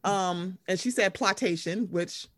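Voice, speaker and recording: A woman's voice: mid-range voice, measured pace, no echo, studio quality. A woman, recapping reality TV gossip in casual chat and acting out quotes. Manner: animated gossip, acts out quotes. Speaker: podcast co-host.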